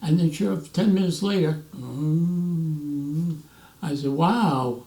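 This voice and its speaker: A man in his nineties, a veteran, telling animated stories in an interview and acting out the voices of others. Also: fairly high pitch, takes it slowly. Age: 90s. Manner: animated storyteller, acts out quoted voices, restarts often. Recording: roomy echo, mic at a distance.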